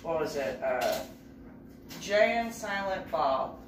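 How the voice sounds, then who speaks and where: A woman from New Jersey telling a story casually to camera, lively as she acts out remembered dialogue. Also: deep voice, slow pace. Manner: animated, raising her voice to act out quoted dialogue. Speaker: vlogger. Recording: roomy, distant mic, noisy background.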